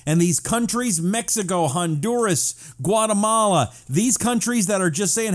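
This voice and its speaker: A man's voice: high-pitched, expressive, unhurried, few pauses. A man hosting a casual live-stream talk show, sarcastic and wisecracking, reading out viewer comments.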